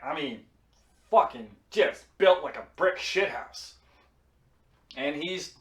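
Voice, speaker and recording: A man's voice: on the high side, fairly bright tone. A man vlogger telling a story casually, rambling and swearing freely. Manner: profane, rambling. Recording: roomy echo.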